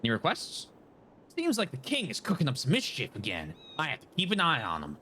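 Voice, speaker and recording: A man voicing a helpful small-town sheriff with a put-on Southern drawl, steady and reassuring. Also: on the high side, a little fast, a little hiss or hum, heavily acted. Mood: friendly.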